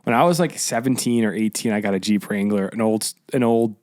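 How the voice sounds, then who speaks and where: A man's voice: fairly low pitch, a little fast, no room sound, clean studio sound. A young man, a podcast host telling a story in casual chat. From New Jersey. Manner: animated storytelling.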